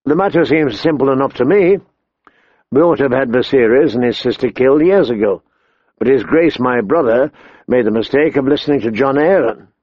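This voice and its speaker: A man's voice: mid-range voice, animated, brisk, husky, dry recording, muffled recording. A man doing a cool, offhand young noble. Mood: dismissive. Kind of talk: audiobook character voice.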